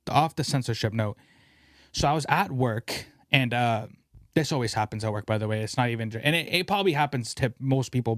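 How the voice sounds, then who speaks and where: A young man hosting a casual podcast, ranting in an animated way and swearing freely. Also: medium pitch, no echo, clean studio sound. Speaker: podcast host.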